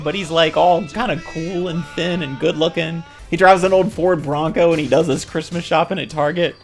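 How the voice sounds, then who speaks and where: A woman commentator ranting about commercials in a casual, sarcastic, exasperated way. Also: fairly low pitch. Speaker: video commentator.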